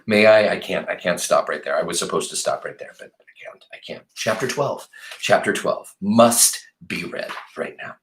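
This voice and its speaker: A male teacher reading a novel aloud to his class in an expressive, animated way. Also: sits low, normal speed, reverberant, slight background noise.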